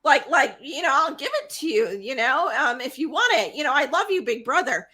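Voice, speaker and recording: A woman's voice: high-pitched, lively intonation, brisk, bright, forceful tone. A woman voicing the baby god Hermes, pleading innocence in a wheedling, falsely sweet way.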